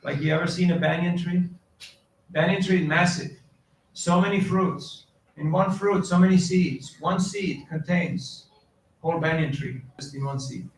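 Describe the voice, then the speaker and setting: Gravelly man preaching in an echoey hall. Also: sits high, a bit bright. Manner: questions the audience, quotes Sanskrit verses. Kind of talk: devotional lecture. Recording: echoey hall, distant mic, faint noise.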